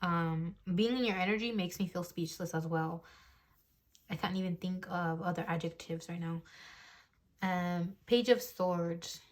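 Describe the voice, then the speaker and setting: A woman's voice: fairly low pitch, steady tone, unhurried. A woman in her early twenties giving a casual tarot reading to camera, chatty and meandering, thinking aloud as she goes, recorded on a phone at a home desk. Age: early 20s. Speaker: tarot reader. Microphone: phone mic.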